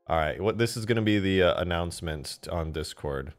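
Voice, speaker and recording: A man talks through his game modding on a live stream in a lowish voice. He is excitable and swears freely. His pitch leaps around a lot, from mumbles up to sudden yells. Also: a little fast, few pauses, soft background music. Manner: excitable, swears a lot, flares into loud outbursts. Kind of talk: casual live-stream commentary.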